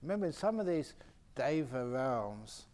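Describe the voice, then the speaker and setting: A man, a Buddhist monk and meditation teacher, telling lively anecdotes with laughter during a retreat question-and-answer session. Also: mid-range voice, measured pace. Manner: animated anecdotal storytelling with frequent laughter. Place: meditation retreat centre hall.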